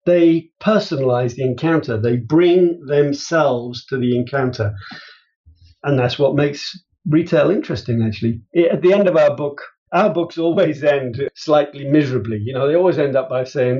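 Fairly high-voiced guy, chatty interview guest, animated, muffled lo-fi audio. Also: normal speed. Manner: animated storyteller, jumps high in pitch for emphasis and quotes. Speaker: guest, business author. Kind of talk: conversational interview. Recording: dull lo-fi sound.

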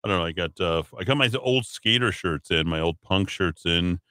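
A man hosting a radio talk show in a rambling, casual way, with lots of fillers and sudden jumps up in pitch when he hands over. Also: normal speed, bright, forceful tone, no room sound.

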